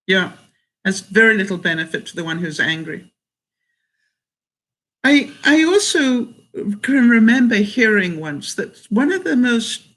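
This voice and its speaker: An outspoken woman vlogger answers her viewers' comments in a relaxed, chatty way. Her voice is bright and forceful, and she leans hard on her points with an assertive, emphatic delivery. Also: mid-range voice, poor audio. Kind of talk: casual live chat.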